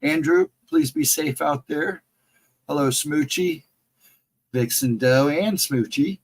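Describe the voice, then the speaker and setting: A man chatting on a livestream and greeting viewers by name, in a rambling casual way, his voice hoarse and cracking from laryngitis. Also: a little high, big pitch swings, takes it slowly, low-quality recording. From central Ohio, United States. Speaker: livestream co-host.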